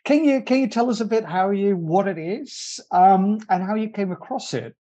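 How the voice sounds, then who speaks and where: Male host, interviewer, mellow voice, slightly high, hesitant with fillers. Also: normal speed. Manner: hesitant, many fillers and restarts. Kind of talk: live online discussion.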